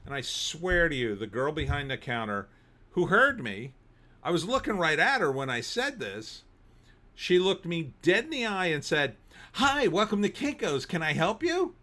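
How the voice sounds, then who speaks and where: A middle-aged man, hosting a livestream and telling animated stories between reading chat comments, sometimes bursting into shouting. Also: a little high, normal speed. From New Jersey. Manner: animated storyteller, bursts into shouting when riled. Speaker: host.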